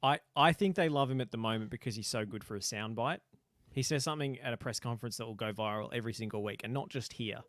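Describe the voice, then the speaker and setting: A man giving measured, analytical commentary in casual podcast chat. His voice sits at a middle pitch. The recording is dry and close. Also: a bit bright, no room sound. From Australia. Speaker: podcast co-host.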